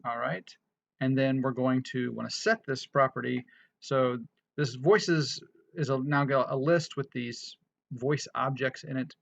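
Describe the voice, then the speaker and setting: A man's voice: medium pitch, steady tone, measured pace, gravelly, muffled recording. A man casually walking through a programming tutorial, thinking aloud with frequent restarts and fillers. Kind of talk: casual screen-recorded coding tutorial.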